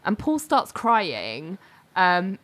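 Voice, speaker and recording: A woman's voice: fairly low pitch, wildly swooping pitch, drawn-out words, fairly bright tone. Woman, podcast co-host, casual recap, chatty, laughs easily, lots of fillers. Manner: chatty storytelling, many fillers, frequent laughter. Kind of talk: casual chat.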